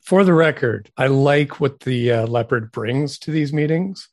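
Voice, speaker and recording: A man from Saskatchewan, Canada co-hosts a comedy podcast, playing the wry straight man in the comedic banter. His voice is medium-pitched and a little slow, on a dry, clean studio recording.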